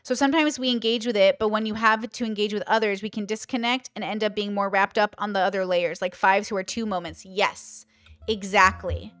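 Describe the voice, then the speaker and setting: Speaking briskly at medium pitch, a woman online creator chats casually on a livestream, thinking aloud with many fillers. She's animated, acting out the voices she quotes. The recording is dry, with faint music in the background.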